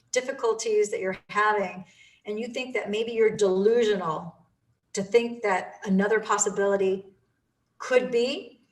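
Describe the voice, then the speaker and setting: A woman's voice: medium pitch, distant mic, rough recording. A woman giving an enthusiastic, emphatic motivational talk about manifesting, repeating phrases for emphasis.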